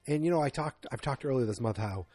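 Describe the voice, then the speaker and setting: A man's voice: mid-range voice, expressive, fast, mellow, dry recording. A man hosting a podcast, rambling through a loose, jokey, self-mocking movie review. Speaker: podcast host. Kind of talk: casual movie review monologue.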